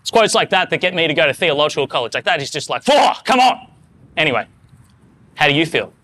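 A man's voice: fairly high pitch, fast talker, sharp tone. A man preaching a sermon to his congregation, earnest and rising to fervent emphasis. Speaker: pastor.

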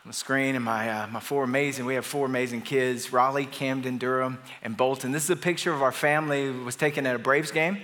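A man's voice: mid-range voice, steady tone, fast talker, few pauses, a bit bright. A middle-aged man, a pastor, preaching a sermon in a conversational storytelling way that builds to emphatic declarations. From Atlanta area, US. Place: large church auditorium. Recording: long reverb of a large church hall.

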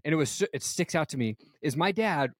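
A man in his thirties hosts a podcast with a slightly high voice, recorded dry and close over a video call. He talks in a loose, casual way, laughing a lot and tossing in "dude" and "man" all the time. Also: lively intonation, brisk, dry recording. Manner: laughs often, says "dude" and "man" constantly. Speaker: podcast host. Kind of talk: casual chat.

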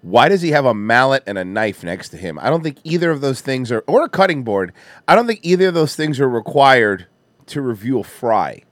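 A man's voice: medium pitch, big pitch swings, brisk, no room sound. Laughing, profane male podcast host. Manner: loose, laughing, profane banter. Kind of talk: casual chat.

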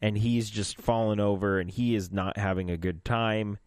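A man's voice: lowish voice, steady tone, normal speed, a little mellow, smooth, no room sound, clean studio sound. A man co-hosting a podcast, chatting casually and animatedly, often laughing as he recaps a story. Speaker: podcast co-host. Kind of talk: casual chat recapping an audio drama.

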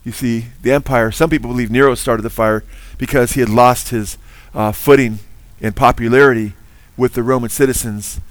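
A man's voice: mid-range voice, fairly even intonation, normal speed, dry recording. A man preaching a sermon, earnest and emphatic, quizzing his listeners with Bible trivia.

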